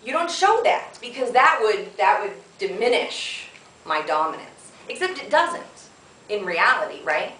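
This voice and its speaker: A woman's voice: medium pitch, big pitch swings, a little slow, sharp tone. A woman giving a frank, chatty conference talk, laughing often and checking in with the audience. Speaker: conference presenter. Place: conference room. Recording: echoey room from a distance.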